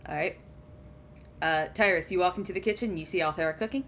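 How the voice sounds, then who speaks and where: A woman's voice: lowish voice, fast talker, a bit bright, slight background noise. A woman narrating a tabletop game as game master, in a casual way with fillers. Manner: casual, with fillers, describes scenes.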